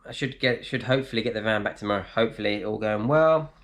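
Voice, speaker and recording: A man's voice: lowish voice, fast, fairly bright tone. Chatty man answering live chat. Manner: chatty, reads out comments and replies, laughs easily. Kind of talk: casual live stream chat. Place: indoors in a flat.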